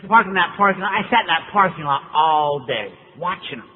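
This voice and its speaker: A man's voice: fairly high pitch, lively intonation, fairly quick, a little hiss or hum. Wry storytelling man on a tinny hall tape. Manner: wry, conversational, acts out quoted people. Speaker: recovery meeting speaker. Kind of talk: humorous personal storytelling to an audience. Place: large meeting hall. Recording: lo-fi phone-like tape with hall echo.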